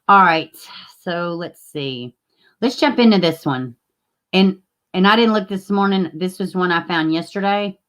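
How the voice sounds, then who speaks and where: A woman's voice: lowish voice, a bit bright. Chatty woman hosting a livestream. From Tennessee, US. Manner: chatty, greets viewers by name, frequent fillers. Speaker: livestream host. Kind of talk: casual livestream chat.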